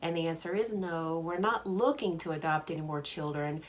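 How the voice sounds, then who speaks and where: Chatty woman with a slightly low voice. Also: moderate pace. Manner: chatty, answers viewer comments; laughs often, friendly. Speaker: card-making demonstrator. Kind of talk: casual live craft demo.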